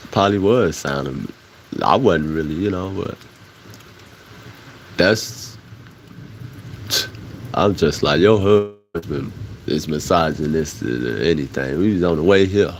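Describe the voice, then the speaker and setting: A man's voice: a bass voice, a little hiss or hum. A man from Chicago with a Chicago accent, talking loosely on a casual livestream and getting heated and emphatic as he goes. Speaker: livestream host.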